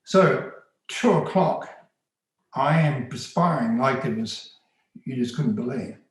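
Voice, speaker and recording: A man's voice: medium pitch, lively intonation, takes it slowly. A man telling a first-person story in an earnest, plain-spoken, conversational way. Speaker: storyteller recounting undercover work. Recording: very echoey room.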